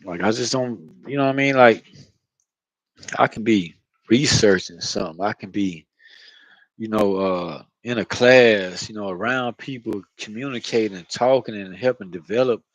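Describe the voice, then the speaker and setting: A man's voice: lowish voice, normal speed, no room sound, low-quality recording. A man talking casually into his own vlog, rambling and profane, often asking "you know what I mean". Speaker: channel host. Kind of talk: casual spiritual vlog monologue.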